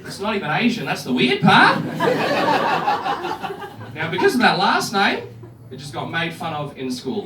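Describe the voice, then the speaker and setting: A young man doing stand-up comedy, telling a story in an animated way and acting out other people's lines. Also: high-pitched, background noise. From Australia. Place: comedy club stage. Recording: echoey club room from far off, audience laughter.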